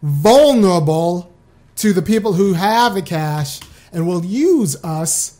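A loose, chatty live-stream host who talks straight to the audience. The voice sits at a middling pitch, and the host keeps breaking off mid-sentence to start over. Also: expressive, slow pace, warm tone. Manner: chatty and loose, restarts often, speaks straight to viewers. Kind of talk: casual live-stream talk.

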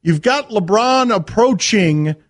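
Laughing radio host, high voice. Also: male voice, expressive, slow, no echo, clean studio sound. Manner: storytelling, laughing often. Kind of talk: animated radio banter.

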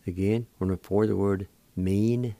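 Low-voiced guy on a radio lesson, slow and careful, sounding out each syllable, dry close sound. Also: steady tone, warm tone, dry recording. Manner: spells out and repeats words syllable by syllable. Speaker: radio host teaching words.

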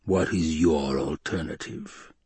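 A man voicing a fat, scheming male baron, speaking slowly, low and slyly in a storybook reading. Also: a little mellow, breathy edge, dry recording, heavily acted. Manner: slow, low, sly and brooding.

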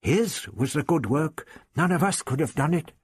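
A man's voice: fairly high pitch, expressive, moderate pace, breathy edge, dry recording, clean studio sound, pitched above the performer's own voice. A man voicing an eager young woman companion in an audiobook, lifting his voice for her questions. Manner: raised, eager voice for a female role.

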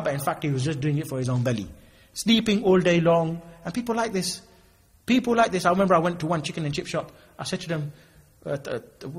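A man delivers an informal sermon at a quick clip. His voice is husky and sits a little high. He slips into the voices of the people in his stories as he goes. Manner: animated storytelling, mimics people in quoted exchanges. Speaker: preacher. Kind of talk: informal sermon with acted-out dialogues.

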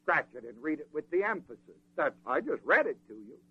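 A man preaching a sermon in a folksy, animated way, acting out the people in the scripture. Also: on the high side, a little fast, slightly rough, no room sound, highs cut off.

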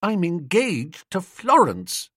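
A man voicing an idle, chatty young English gentleman in an audiobook, with a husky voice. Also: high voice, very animated, slow, dry recording, clean studio sound, pitched above the performer's own voice, full character voice. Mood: pleading. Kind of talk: audiobook character reading.

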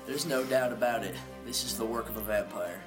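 A man voicing a grave, matter-of-fact male guard leader in a tabletop game, measured and plain, over background music. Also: medium pitch, voice pushed down, natural voice.

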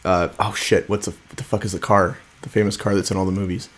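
A man's voice: low-pitched, flat delivery, fast talker. A man co-hosting a podcast who swears often and fumbles for words in casual chat. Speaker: podcast co-host.

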